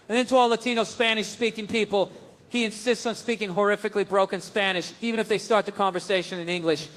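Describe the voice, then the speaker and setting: A male stand-up comedian with a notably high voice, telling his bit with animated energy. He leaps in and out of character voices, building each story as he goes. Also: fast talker.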